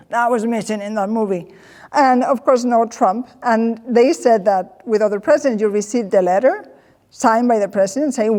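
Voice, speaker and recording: A woman with a fairly high voice tells funny personal stories to an audience. She is animated and slips into the voices of the people she quotes. Her words ring with the long reverb of a hall. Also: normal speed. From Spain. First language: Spanish. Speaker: presenter. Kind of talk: comedic personal storytelling talk.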